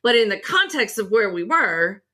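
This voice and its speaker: A woman's voice: medium pitch, big pitch swings, normal speed, bright, forceful tone. A woman co-hosting a podcast conversation, talking emphatically and telling stories with animation. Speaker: podcast co-host. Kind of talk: casual conversation.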